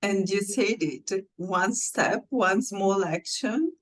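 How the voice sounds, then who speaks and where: A woman hosting a podcast interview, speaking in a measured, encouraging and affirming way. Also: mid-range voice, poor audio. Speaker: podcast host and executive coach. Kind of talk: casual interview chat.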